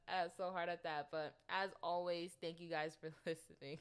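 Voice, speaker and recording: Young woman, podcast host, low pitch, smooth tone, chatty, rambling. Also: fairly even intonation, normal speed, few pauses. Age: 20s. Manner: rambling and chatty, with many ums and laughs. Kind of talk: casual solo podcast chat.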